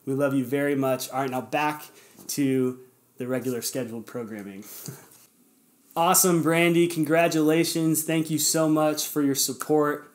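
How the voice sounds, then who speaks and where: A man's voice: on the high side, darkish tone. A man hosting a podcast, talking casually and earnestly, encouraging listeners and speaking to them directly. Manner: conversational, with fillers and self-corrections. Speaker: podcast host. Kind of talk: casual motivational podcast talk.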